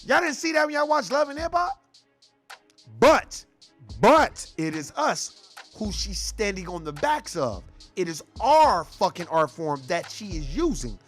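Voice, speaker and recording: A man's voice: high-pitched, very animated, measured pace, a bit bright, soft background music. A man hosting a commentary show, ranting in a profane, heated and mocking way. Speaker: show host.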